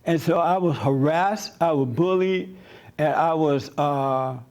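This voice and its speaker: A man with a fairly high voice tells a story to his church gathering. He is animated and acts out the voices of the people he quotes, with sudden jumps in pitch. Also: slow pace. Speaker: pastor and host.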